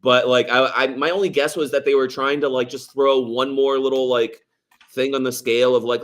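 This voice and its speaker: A man's voice: mid-range voice, little pitch movement, moderate pace, fairly bright tone. A man co-hosting a casual movie podcast, rambling with lots of fillers, swearing and laughing as he talks. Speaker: podcast co-host.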